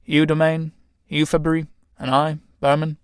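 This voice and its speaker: A man's voice: fairly high pitch, monotone, a little slow, clear, resonant tone, no echo, studio quality, lightly acted. A man voicing a wry, talkative male company manager in a read-aloud play.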